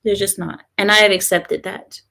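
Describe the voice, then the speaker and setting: A woman's voice: mid-range voice, steady tone, normal speed, creaky, bright, forceful tone. A young woman talks casually on a live stream, sharing her opinions with emphatic conviction. She reads viewer comments aloud and often laughs between her remarks. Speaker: live-stream host reading chat.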